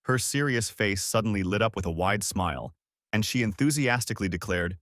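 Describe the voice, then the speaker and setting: A man reading scripted narration as he recaps a comic story, in a steady storytelling manner. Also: lowish voice, brisk, no echo, studio quality.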